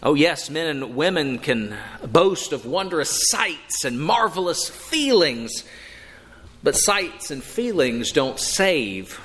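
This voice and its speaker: A dramatic preacher in a reverberant hall. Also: male voice, a little high, big pitch swings, a bit bright. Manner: dramatic, emphatic delivery with slow drawn-out phrases and sudden rises. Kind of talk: sermon.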